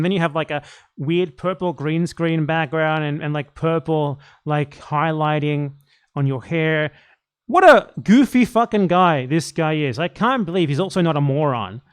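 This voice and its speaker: A man doing casual live commentary, reacting to a video with a blunt, profane, excitable rant. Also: fairly high pitch, clean tone.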